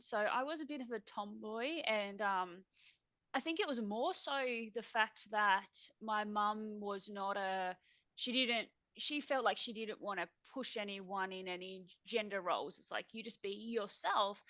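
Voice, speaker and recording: A woman's voice: mid-range voice, moderate pace, fairly bright tone, no echo. An Australian woman, a guest on a remote video call, telling her personal story in a reflective, earnest way and laughing easily. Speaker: interview guest.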